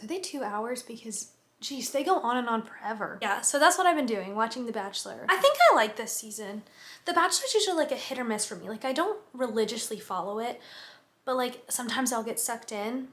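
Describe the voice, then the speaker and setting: A young woman in her twenties, a student vlogger, chats casually to camera at home in her kitchen and bedroom, giggling and dropping lots of "like" fillers. Her voice sits a little high with a fairly bright tone.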